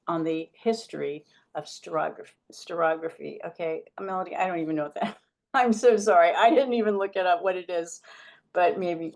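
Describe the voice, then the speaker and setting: A woman's voice: lowish voice, a little mellow. A woman hosting a poetry reading, introducing the next poet in a chatty way, full of fillers, asides and earnest praise. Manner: earnest, gets choked up.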